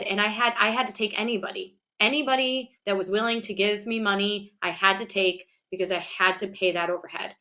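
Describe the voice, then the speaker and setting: A woman's voice: mid-range voice, bright, forceful tone. A woman guest on a livestream, speaking earnestly and reflectively about her work, often restarting sentences. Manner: reflective, self-correcting, earnest. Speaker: guest, business owner and coach. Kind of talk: casual livestream chat.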